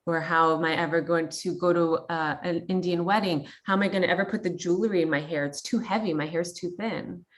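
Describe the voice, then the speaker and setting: A woman's voice: on the low side, fairly even intonation, brisk, hardly any pauses. A woman in her thirties from Canada, sharing a personal story in a candid, chatty way full of fillers and quoted thoughts. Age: 30s. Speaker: guest.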